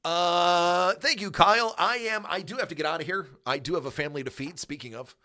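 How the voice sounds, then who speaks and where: A man's voice: sits high, a little fast, pushed and bright. A man hosting a livestream, chatting casually and rambling through tangents with fillers and laughter. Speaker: livestream host.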